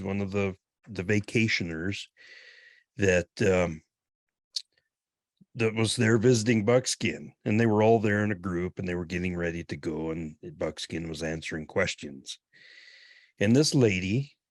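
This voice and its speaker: A man's voice: low voice, no room sound, studio quality. A man from Idaho hosting a show, telling a story in a chatty way with chuckles. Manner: chatty, chuckling, many restarts. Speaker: show host. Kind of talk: storytelling in casual talk.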